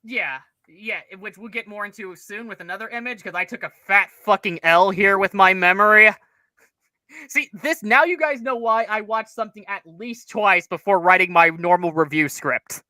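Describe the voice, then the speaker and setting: A man's voice: high voice, normal speed, bright, forceful tone, dry recording. A man co-hosting a casual show review, analytical and rambling, with the odd curse. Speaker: co-host reviewer.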